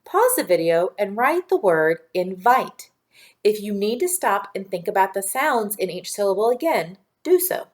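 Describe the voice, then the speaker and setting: A woman teacher giving a patient, clearly spoken phonics and dictation lesson for young children. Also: medium pitch, sing-song, normal speed.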